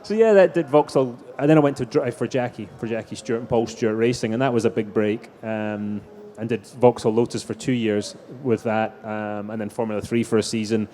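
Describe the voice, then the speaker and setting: A man's voice: lowish voice, steady tone, brisk, hardly any pauses, dark tone, slight background noise. A middle-aged man telling anecdotes as a guest in a live stage interview. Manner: anecdotal storytelling, frequent restarts. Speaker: racing driver guest.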